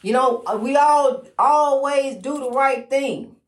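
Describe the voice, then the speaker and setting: Woman, high voice, inspirational testimony, preacherly, repeats herself, roomy echo. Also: slow pace. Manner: preacherly, repetitive, encouraging, many fillers. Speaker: motivational speaker.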